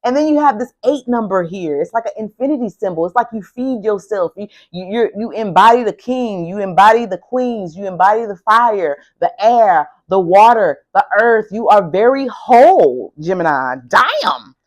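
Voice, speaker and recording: Woman tarot reader, casual and fired-up, swears freely; middle-pitched voice. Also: moderate pace, hardly any pauses. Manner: excitable, emphatic and heavily profane. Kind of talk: casual tarot card reading.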